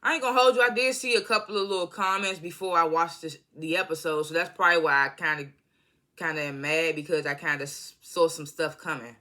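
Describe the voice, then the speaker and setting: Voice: medium pitch, fairly even intonation, fairly quick, pushed and bright. An American vlogger giving a loose, slangy TV episode review into a phone, full of asides and self-corrections. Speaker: TV show reviewer. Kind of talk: casual rambling video review.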